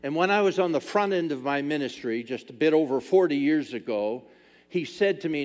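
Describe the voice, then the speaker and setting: Guy in his 60s preaching, emphatic and repeating himself, voice a bit high for a man. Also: lively intonation, brisk. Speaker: pastor. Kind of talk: sermon. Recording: long reverb of a large hall.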